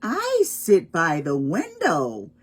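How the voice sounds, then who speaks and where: A woman's voice: on the low side, wildly swooping pitch, slow pace, husky, exaggerated voice. A woman voicing a watchful house cat sitting by the window, in a children's picture book read-aloud.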